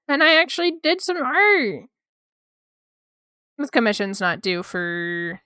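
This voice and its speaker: A young woman chatting casually with her viewers while drawing on stream, excitable and quick to swear. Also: on the high side, clean tone, no echo, clean studio sound. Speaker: art streamer.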